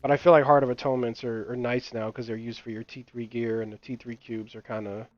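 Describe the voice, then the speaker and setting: A man's voice: mid-range voice, flat delivery, fast talker, dry recording. A young man chatting casually while playing a game, rambling with lots of fillers, swearing and laughing as he tells stories. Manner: rambling, filler-heavy, profane, laughing storyteller. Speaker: gaming channel host. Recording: dull lo-fi mic, dry, game music behind.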